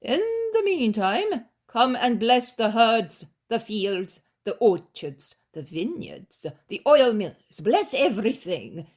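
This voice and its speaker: A woman voicing a greedy, boastful rich male landowner with a squeaky, shrill voice. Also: sing-song, slow pace, hardly any pauses, a little mellow, heavily acted. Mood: coaxing. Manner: shrill, pleading and blustering.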